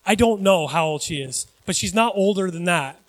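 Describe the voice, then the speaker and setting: High-voiced man preaching a lively sermon. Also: moderate pace, rough recording. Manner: animated, conversational preaching with asides to the congregation. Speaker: pastor.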